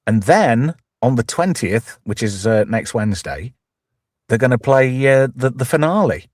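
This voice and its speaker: A man's voice: mid-range voice, very animated, measured pace, dry recording, studio quality. A man with an East Midlands accent hosting a live show, talking in a blunt, jokey, swearing and rambling way. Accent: East Midlands English. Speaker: host. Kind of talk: casual live chat show banter.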